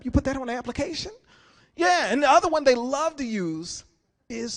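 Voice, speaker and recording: Man in his forties, stand-up comic, very high voice, animated storytelling, acts out characters. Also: a little fast. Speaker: comedian. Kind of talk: stand-up comedy.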